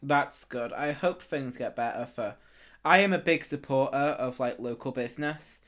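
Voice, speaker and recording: A man's voice: medium pitch, moderate pace, fairly bright tone. Laid back guy on a podcast, medium voice, just chatting away. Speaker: podcast co-host. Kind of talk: casual chat.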